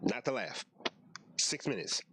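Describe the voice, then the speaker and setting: Laid-back young man with lively pitch. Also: unhurried, breathy edge, no echo, studio quality. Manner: slangy, laid-back, self-talking. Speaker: YouTuber. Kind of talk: casual reaction commentary.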